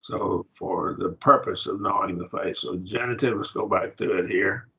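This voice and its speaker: A man's voice: low voice, moderate pace, vocal fry, sharp tone, breathy edge. A man teaching a classroom grammar lesson, patiently repeating words as he explains. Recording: dull lo-fi recording.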